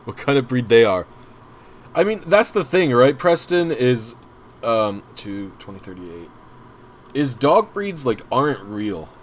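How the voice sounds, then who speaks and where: A man's voice: mid-range voice, sing-song, unhurried, slight background noise. A young man chatting casually on a livestream, rambling and self-deprecating as he talks to viewers. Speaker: streamer.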